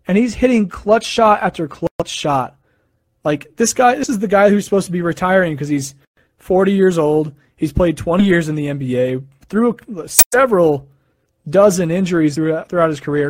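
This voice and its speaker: Young american guy chatting on a stream, kinda high voice, rambles a lot, dry sound. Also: animated, moderate pace, no echo. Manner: rambling, chatty, with fillers and self-corrections. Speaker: live stream host. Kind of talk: casual sports chat.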